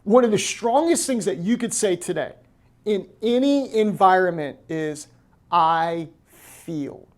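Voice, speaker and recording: Animated American man preaching a sermon. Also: high voice, normal speed. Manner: animated preaching, acting out quoted voices. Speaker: pastor.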